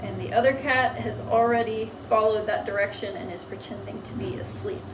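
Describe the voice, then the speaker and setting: A woman's voice: medium pitch, fairly quick, noisy background. A woman teaching a lesson on writing comics, explaining patiently as if to children.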